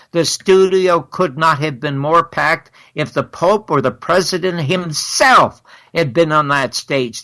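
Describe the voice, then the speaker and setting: An older man, a guest in an interview, recounting stories in an animated way and acting out the exchanges he quotes. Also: a little high. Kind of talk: storytelling in a long interview.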